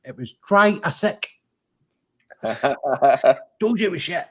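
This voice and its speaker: A man's voice: fairly high pitch, lively intonation, drawn-out words, a bit bright, husky. A Scottish man from Scotland telling puns on a video call, self-deprecating and swearing casually. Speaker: comedy guest.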